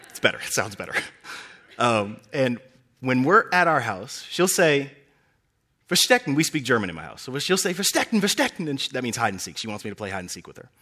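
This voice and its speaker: A young man preaching a sermon, telling scripture stories with animated delivery and acting out the characters' lines. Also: husky. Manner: animated storytelling, acting out characters with big pitch swings.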